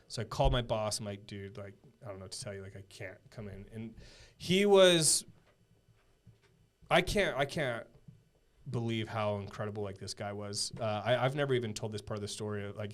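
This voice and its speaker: A man in his thirties with a fairly low voice, talking as a podcast guest. He tells his story casually and earnestly, stopping and restarting often, with plenty of fillers along the way. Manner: halting, filler-heavy, earnest.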